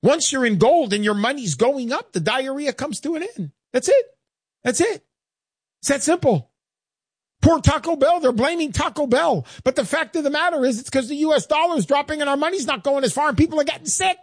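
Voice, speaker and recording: A brash man hosting a radio show, selling hard in a pushy pitch that leaps up and down. His voice is close and dry, with no room sound. He never lets up. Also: expressive, fairly quick, no room sound.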